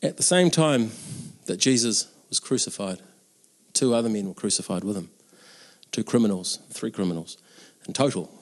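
A man's voice: on the low side, expressive, moderate pace. A man preaching an Easter sermon in an earnest, conversational way, with casual asides.

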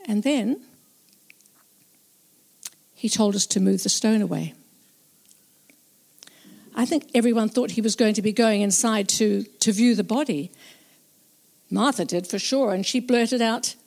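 A woman's voice: mid-range voice, vocal fry, darkish tone. Earnest woman telling a Bible story. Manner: slow, reflective and earnest. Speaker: narrator. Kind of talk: first-person dramatized Bible storytelling.

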